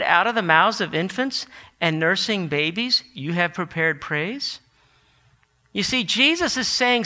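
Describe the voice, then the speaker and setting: A man preaching a sermon, animated and building to emphatic declarations. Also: sits high, unhurried. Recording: long hall reverb.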